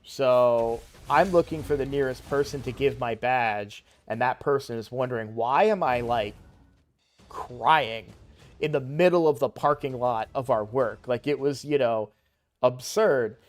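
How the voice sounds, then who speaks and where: A man's voice: mid-range voice, unhurried. A young man casually telling a personal story while playing a game, rambling with lots of fillers and restarts. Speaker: gaming streamer.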